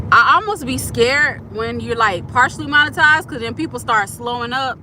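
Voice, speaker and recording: A woman's voice: on the high side, moderate pace, few pauses, pushed and bright, a little hiss or hum. A woman live-streaming from her parked car, chatting casually and answering viewers' comments. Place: parked car at a curbside pickup.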